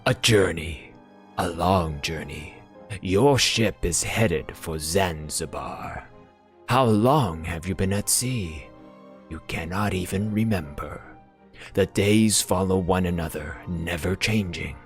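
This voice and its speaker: A man narrating a game's story text aloud in a measured, brooding delivery as a let's-play host. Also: deep voice, soft background music. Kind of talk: slow dramatic narration of game text.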